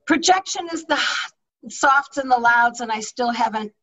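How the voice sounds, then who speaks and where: The audio is muffled and the mic distant as a middle-aged woman, a public speaking coach, leads an online leadership talk via video call microphone. She speaks at normal speed with a voice on the high side, her delivery energetic and emphatic.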